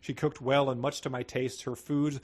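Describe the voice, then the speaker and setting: A man's voice: mid-range voice, little pitch movement, normal speed, a little mellow. Male podcast co-host, 30s, dry jokester, reads excerpts with mock gravity. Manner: wry, joking, mock-dramatic readings. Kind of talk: casual book-riffing chat, reading passages aloud.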